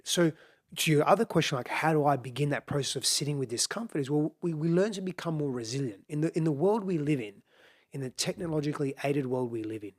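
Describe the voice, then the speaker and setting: A middle-aged man speaking as a podcast guest, explaining in an earnest, reflective way and repeating phrases for emphasis. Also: on the high side.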